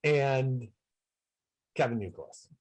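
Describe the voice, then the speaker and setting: A man's voice: mid-range voice, slow pace, darkish tone, rough recording. A man chatting casually as a guest on a video call, rambling and self-deprecating with upbeat energy. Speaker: guest entertainer.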